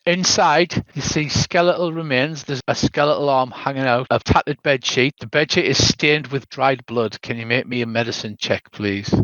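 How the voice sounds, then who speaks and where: Older British game master narrating a spooky tabletop adventure, dry and slightly muffled call audio. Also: male voice, medium pitch, normal speed, hardly any pauses, a bit bright, no room sound.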